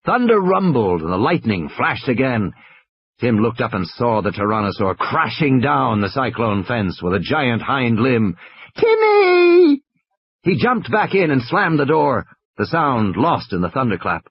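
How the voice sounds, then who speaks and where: A man's voice: mid-range voice, very animated, moderate pace. A man reading a story aloud with dramatic narration. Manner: dramatic, with tense swings in pace. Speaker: audiobook reader. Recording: dull lo-fi audio.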